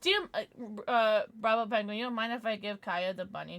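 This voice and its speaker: A woman livestreamer chatting casually and thanking subscribers, excitable, giggly and often apologetic. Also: mid-range voice, a little fast, few pauses, a little hiss or hum.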